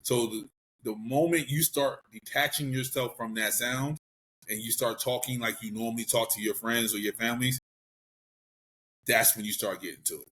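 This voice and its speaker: A man in relaxed podcast conversation as a guest, giving easygoing, encouraging advice. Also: mid-range voice, moderate pace. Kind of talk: casual podcast chat.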